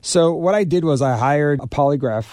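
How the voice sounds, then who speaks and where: A man, an author and restaurateur telling stories in an interview, animated and stumbling over repeated words. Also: fairly high pitch, moderate pace, no room sound, studio quality. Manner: animated storyteller, acts out quoted people, repeats words. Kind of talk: storytelling interview.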